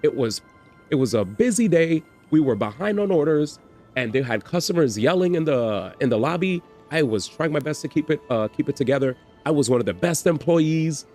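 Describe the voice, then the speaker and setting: A man hosting a livestream, telling a story in an animated, slangy way with swearing and repetition. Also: fairly high pitch, moderate pace, soft background music. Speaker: livestream host. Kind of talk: casual storytelling on stream.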